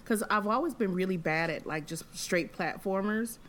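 A woman hosting a podcast, chatting in a lively way and laughing often. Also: mid-range voice, slight background noise. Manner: chatty, animated, quick to laugh. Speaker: podcast host. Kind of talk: casual conversation.

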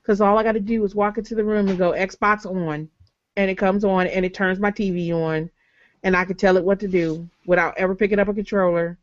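A woman in her thirties co-hosting a casual gaming podcast, chatty and quick to laugh, with plenty of ums. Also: medium pitch, level tone, no echo. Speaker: podcast co-host. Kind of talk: casual chat. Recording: slightly dull lo-fi call audio.

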